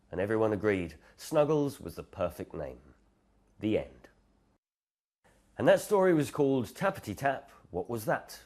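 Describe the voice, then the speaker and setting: A man narrating a children's bedtime story in a gentle, expressive storytelling manner. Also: on the low side, moderate pace.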